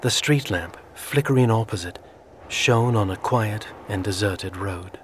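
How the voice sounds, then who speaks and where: A man narrating a suspenseful story in a measured, scripted delivery. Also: lowish voice, noisy background. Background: music.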